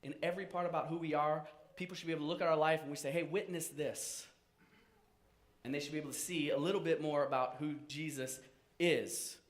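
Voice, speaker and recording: A man gives a casual, animated sermon in a fairly high voice. He talks conversationally and pokes fun at himself. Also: quick pace. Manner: conversational, self-joking, animated. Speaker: pastor.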